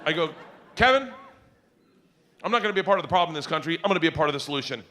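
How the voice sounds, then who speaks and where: A man's voice: fairly high pitch, very fast, slight background noise. A middle-aged man telling rowdy, laugh-filled stand-up stories. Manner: animated, rowdy, laughs often mid-story. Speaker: comedian. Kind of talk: stand-up storytelling.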